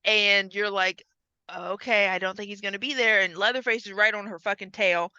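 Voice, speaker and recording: A woman's voice: medium pitch, normal speed, smooth, dry recording, lo-fi sound. A woman co-hosting a podcast, chatting casually as she recaps a movie, swearing and acting out the scenes in voices. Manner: animated, profane, acts out scenes in voices. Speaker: podcast co-host.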